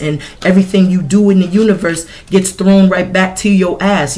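A middle-aged woman giving a casual tarot reading in a blunt, animated, profane way. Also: low-pitched. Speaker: tarot reader.

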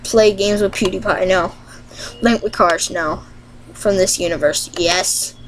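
Brief: giggly woman vlogger, chatty and casual, everyday middle-pitched voice. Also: a little hiss or hum, rough recording. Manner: chatty, giggly, reads prompts aloud quickly and answers them. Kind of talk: casual commentary while playing a game.

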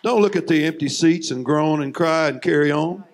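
A man preaching a fiery sermon, emphatic and folksy, with drawn-out phrases that swing between loud and hushed, plus joking asides to the congregation. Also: fairly high pitch, background noise. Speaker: visiting preacher.

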